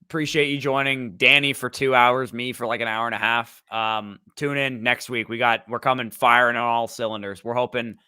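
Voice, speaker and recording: Male co-host, tired, casual filler-heavy chat, crisp bright tone. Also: medium pitch, level tone, normal speed, few pauses, no room sound. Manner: laid-back, filler-heavy.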